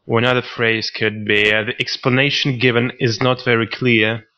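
Male co-host for a vocabulary lesson, measured and explanatory, bright tone, muffled lo-fi sound. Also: mid-range voice, level tone. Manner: measured, reads out example sentences. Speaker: podcast co-host. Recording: dull lo-fi recording.

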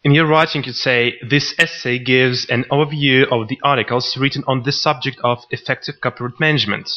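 A man co-hosting a podcast, teaching vocabulary in a scripted lesson and reading out example sentences in a measured way. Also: medium pitch, fairly even intonation. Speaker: podcast co-host. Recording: dull lo-fi recording.

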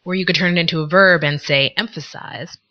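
Low-voiced woman teaching vocabulary. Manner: measured, explains words with examples. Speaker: podcast co-host. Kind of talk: scripted vocabulary lesson. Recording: dull lo-fi recording.

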